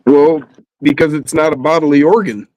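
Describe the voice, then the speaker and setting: A man's voice: on the high side, steady tone, moderate pace, darkish tone, no room sound, rough recording. A man joining a casual chat on a livestream, making dry, teasing remarks.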